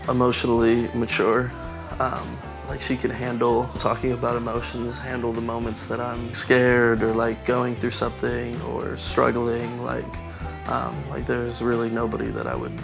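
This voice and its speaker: A man's voice: mid-range voice, completely flat delivery, measured pace, creaky. A young man telling, for a wedding film, how he met his fiancée, easygoing and self-mocking, full of "like" and "um". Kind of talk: casual storytelling to camera. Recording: music playing behind.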